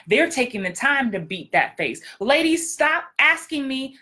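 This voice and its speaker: A woman coaching actors in a casual podcast monologue, direct and blunt, hammering her points home by repeating them. Her voice sits a little high and sounds bright and forceful. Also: very animated, a little slow, few pauses. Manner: emphatic, repetitive punchlines. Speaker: acting coach and podcast host.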